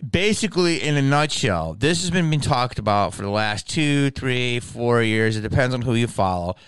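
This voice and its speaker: A man's voice: medium pitch, expressive, normal speed, a bit bright, smooth, no room sound. Profane, ranting male comedian. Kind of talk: comedic monologue vlog.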